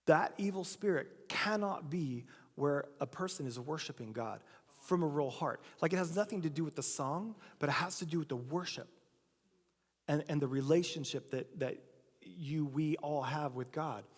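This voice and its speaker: A pastor preaches in a church sanctuary, casually telling a story and performing the quoted lines himself. His voice is a little high and moves at a normal speed, with a long reverb from the church hall.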